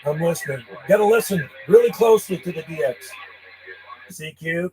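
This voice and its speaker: A man's voice: on the high side, animated, normal speed, darkish tone, soft background music, poor audio. Friendly ham radio man calling on air. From Canada. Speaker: radio operator. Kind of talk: live-streamed ham radio chat. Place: home radio room.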